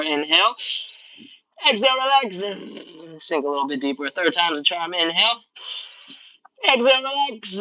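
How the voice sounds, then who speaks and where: Male stretch coach, somewhat high voice, close and dry, a bit dull lo-fi sound; calm, encouraging breath cues. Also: no room sound. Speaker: stretching instructor. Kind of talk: live workout instruction, cueing breaths and counting.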